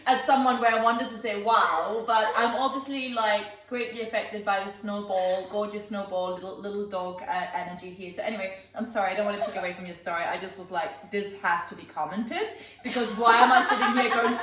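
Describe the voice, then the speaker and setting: A woman's voice: mid-range voice, steady tone, fairly quick, hardly any pauses, a bit bright, reverberant, poor audio. A woman hosting a casual interview, chatty and bubbly, laughing often and slipping into asides. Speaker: interviewer host. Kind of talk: casual chat.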